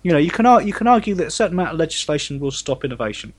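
A man, a guest in a casual political discussion, talking in an animated, conversational way. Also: a little high, rapid-fire.

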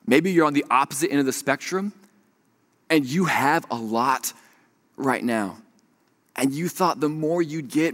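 A young man preaching a sermon, telling a story with animated swings from hushed to loud. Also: on the high side. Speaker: pastor.

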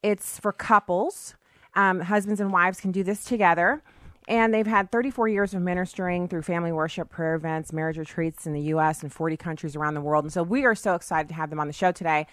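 A woman's voice: fairly low pitch, a little fast, no room sound, clean studio sound. A woman hosting a talk show, delivering an opinionated, emphatic monologue with chatty asides and preachy encouragement.

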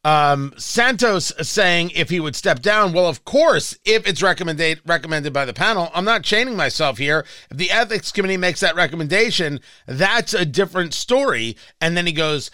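Man, radio host, opinionated commentary, higher voice, dry studio sound. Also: expressive, moderate pace, hardly any pauses, bright, forceful tone, dry recording. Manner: opinionated, chatty, frequent restarts.

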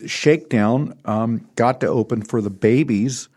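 A middle-aged man with a voice of ordinary pitch, chatting casually as a concert promoter. He rambles from anecdote to anecdote with a wry, joking humor. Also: a little slow, darkish tone. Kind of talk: casual storytelling chat.

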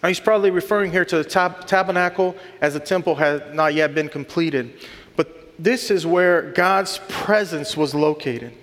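A man's voice: on the high side, moderate pace, fairly bright tone. A man in his thirties or forties preaching a sermon, earnest and building to emphatic lists. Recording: long hall reverb.

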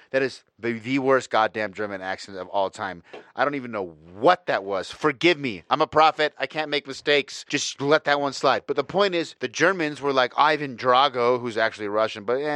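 A man's voice: medium pitch, fairly bright tone, dry recording, clean studio sound. A man ranting casually as a podcast host, rambling and profane, with self-mocking humor. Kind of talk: casual opinion rant.

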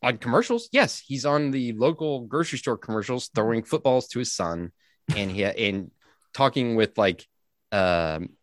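A man co-hosting a podcast, talking in an animated, teasing casual chat. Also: mid-range voice, moderate pace, dry recording, clean studio sound. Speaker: podcast co-host.

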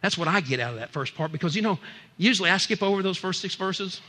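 Fervent high-voiced male preacher. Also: lively intonation, fast talker, big-room sound. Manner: fervent preaching, swinging from loud to hushed. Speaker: pastor. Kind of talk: sermon.

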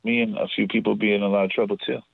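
A man's voice: on the low side, level tone, racing, gravelly, no room sound, narrow, tinny audio. A man from New Jersey telling profane, rambling stories as a podcast guest. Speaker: podcast guest, show promoter. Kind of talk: casual storytelling.

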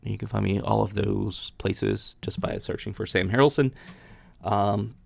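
A podcast host reads Bible passages aloud, then talks them over casually, restarting often. His voice sits fairly low, steady and a little slow, with a gravelly, darkish quality. The recording is dry.

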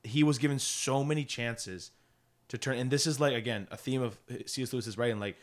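A man's voice: medium pitch, brisk. A man in a casual book discussion, retelling the story with fillers and laughter. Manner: retells and reads aloud, many fillers and laughs.

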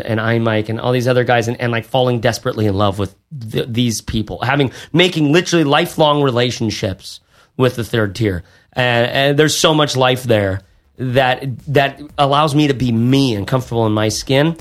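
A man co-hosting a podcast, chatting casually and rambling with lots of fillers and restarts. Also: mid-range voice. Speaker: podcast co-host. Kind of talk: casual podcast chat and outro.

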